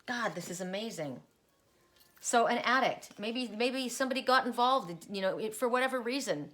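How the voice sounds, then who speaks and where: A woman's voice: on the high side, lively intonation, moderate pace, a bit bright. A middle-aged woman giving a solo oracle card reading, musing aloud and repeating card messages in rambling asides.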